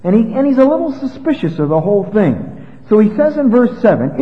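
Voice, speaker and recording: A man preaching an expository sermon, retelling a Bible story in a conversational, animated way. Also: high voice, a little fast. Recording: dull lo-fi with long reverb.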